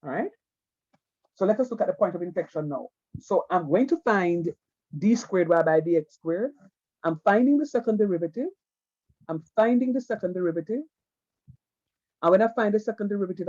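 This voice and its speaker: A high-voiced man teaches a math lesson over an online call. His tone is mellow and coaxing, and he keeps circling back to the same point. The sound is dull and lo-fi, like a computer mic. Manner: repetitive, coaxing, keeps saying "watch me". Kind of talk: online class lecture.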